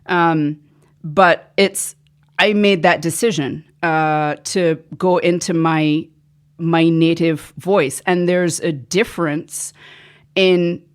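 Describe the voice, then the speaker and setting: A woman's voice: on the low side, steady tone, slow, clear, resonant tone. A woman being interviewed on a podcast, an actor who rambles and drifts off track in casual chat. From the islands, came to America at seven.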